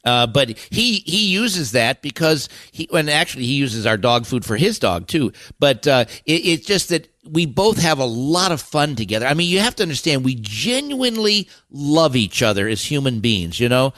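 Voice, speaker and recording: An older man, a guest on a podcast, telling animated, rambling stories with many restarts. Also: medium pitch, moderate pace, hardly any pauses, no echo, clean studio sound. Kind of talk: casual storytelling interview.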